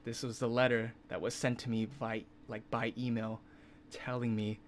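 Young male streamer, mid-pitched, chatty and profane, bursts into loud disbelief; light hiss behind. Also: moderate pace. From California. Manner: animated, swings into loud incredulous outbursts; swears freely, filler-heavy. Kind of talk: casual storytelling on a livestream.

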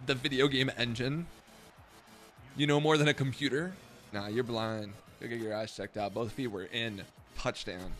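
A young man giving loud, profane, self-mocking commentary while streaming a football video game. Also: medium pitch. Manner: profane, self-mocking trash talk with sudden outbursts. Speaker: gaming streamer. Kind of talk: live gameplay commentary.

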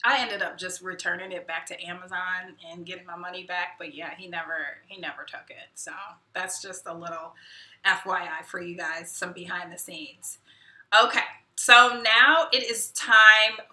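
A woman's voice: lowish voice, moderate pace, pushed and bright. A woman hosting her own live stream in casual chat, self-deprecating and muttering asides to herself. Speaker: YouTube host. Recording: roomy echo, mic at a distance.

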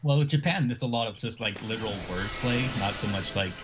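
Low-voiced man giving blunt opinions. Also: brisk. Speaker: streamer. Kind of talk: casual gaming stream chat. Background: game music.

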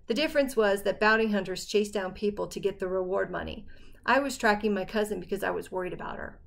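A woman narrating a first-person novel as an audiobook, in a steady storytelling manner. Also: mid-range voice, fast talker, gravelly.

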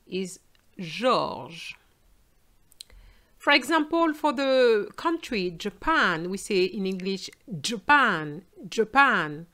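Woman teaching sounds, takes it real slow, says each word twice. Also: medium pitch, fairly bright tone. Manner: slow, careful, repeats words for learners. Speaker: French teacher. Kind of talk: pronunciation lesson.

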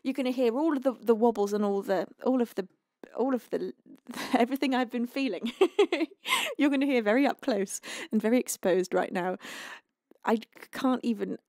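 Girl streamer thanking donors, highish voice, teary and giggly, dead dry close mic. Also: moderate pace, darkish tone, dry recording. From United Kingdom. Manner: gushing, emotional, laughing often. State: tearful, close to crying. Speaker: livestreaming singer. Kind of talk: casual chat reading donations.

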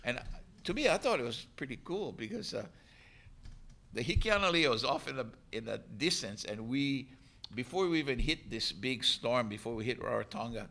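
Gravelly man telling a story. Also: mid-range voice, moderate pace. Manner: animated storyteller, laughs and acts out voices. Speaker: canoe crew member. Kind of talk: storytelling talk.

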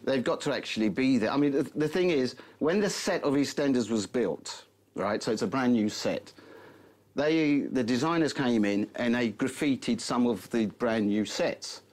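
A man's voice: mid-range voice, moderate pace. A man, an actor guest, answering casually and acting out quoted voices. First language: Turkish. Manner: easygoing, acts out quoted voices. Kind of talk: interview answers.

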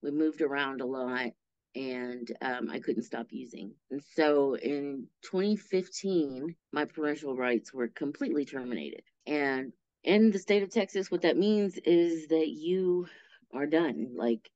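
A woman's voice: low voice, unhurried, no room sound. A middle-aged woman speaking as an interview guest, telling her story candidly and acting out what people said, with frequent laughs. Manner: animated, acts out quoted speech, laughs through her story. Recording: dull lo-fi audio.

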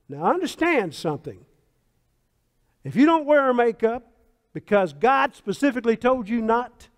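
A pastor preaching a sermon in a church sanctuary, animated and storytelling, with emphatic asides. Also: male voice, very high voice. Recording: long hall reverb.

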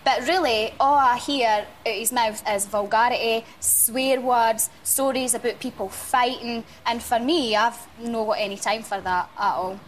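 A woman's voice: fairly high pitch, steady tone, a little slow, few pauses, slight background noise. A young woman from Scotland with a strong Scottish accent, speaking bluntly and laughing often in a studio interview. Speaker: evicted reality show contestant. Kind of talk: casual chat interview.

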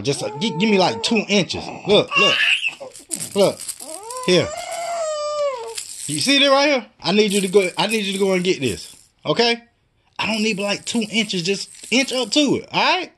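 A young father coaxing his baby to crawl, playful and teasing, dipping low and jumping into high baby talk. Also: very animated, normal speed, long pauses, a bit bright.

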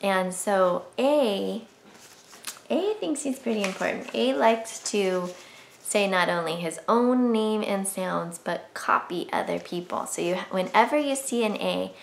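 Echoey, slow woman teaching kids to read. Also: mid-range voice, creaky, a bit bright. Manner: sing-song, encouraging, repeats sounds. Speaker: reading teacher. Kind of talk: children's phonics lesson. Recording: echoey room with faint hiss.

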